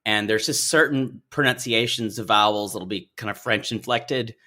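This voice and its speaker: A man co-hosting a podcast, chatting in a gossipy, animated way and laughing often. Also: on the low side, normal speed. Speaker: podcast co-host. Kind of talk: casual chat.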